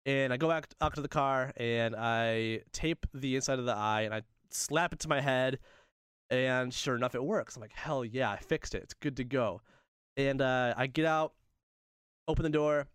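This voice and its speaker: A young man telling a funny story in casual chat, animated and laughing often, acting out the voices of the people in it. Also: medium pitch, moderate pace, clean tone, no room sound, clean studio sound.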